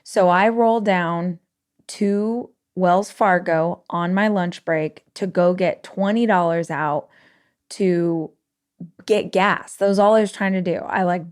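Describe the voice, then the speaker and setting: A woman podcast host telling a personal story with feeling, acting out the dialogue. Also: on the low side. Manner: emotional, animated retelling with quoted dialogue.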